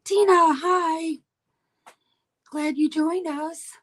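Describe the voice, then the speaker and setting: A woman's voice: extremely high pitch, fairly even intonation, drawn-out words, poor audio. A woman hosting a live online sale, chatting casually while she counts items and reads out buyers' names. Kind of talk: casual live-stream selling.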